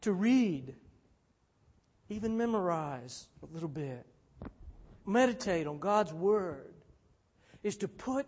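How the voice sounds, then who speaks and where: A man delivers a sermon at an unhurried pace, returning to repeated refrains. His higher voice swells to emphatic peaks, then sinks low and soft at the ends of phrases. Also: lively intonation, husky. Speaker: preacher.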